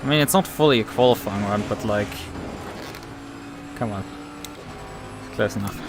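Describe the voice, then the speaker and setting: A man's voice: lowish voice, moderate pace. A man giving live commentary on his own racing, talking to himself, frustrated and swearing often. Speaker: sim racing streamer. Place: home racing rig. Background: music.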